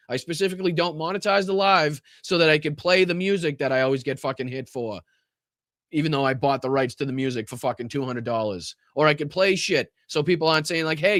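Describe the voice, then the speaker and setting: A man hosting a live political podcast, ranting angrily and swearing, swinging between loud outbursts and low muttering, with a Boston accent. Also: no echo, clean studio sound. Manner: profane, exasperated, swings from shouting to muttering. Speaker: podcast host. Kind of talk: angry livestream rant.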